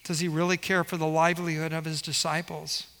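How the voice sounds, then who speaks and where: A man preaching in a high, ringing voice, the sound trailing off in a long hall reverb. He walks the congregation through scripture, asking question after question. His tone is bright and forceful as he presses each point. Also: level tone, a little fast, gravelly. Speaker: pastor. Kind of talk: sermon.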